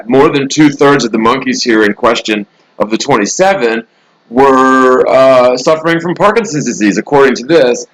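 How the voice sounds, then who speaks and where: A man's voice: medium pitch, a bit bright, low-quality recording. A man hosting a casual live stream from a hotel room, rambling through the news with sarcastic asides. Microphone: laptop mic.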